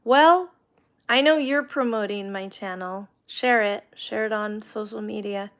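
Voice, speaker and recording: Slow-talking woman with a gravelly voice. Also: mid-range voice. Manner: warm, faith-talking, reads viewer comments aloud. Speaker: livestream host. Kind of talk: casual livestream chat.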